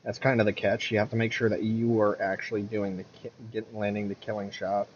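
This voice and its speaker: A man's voice: lowish voice, little pitch movement, brisk, muffled recording, a little hiss or hum. A man giving casual, rambling commentary over his gameplay, correcting himself often and muttering at the game, with the hiccups. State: has the hiccups.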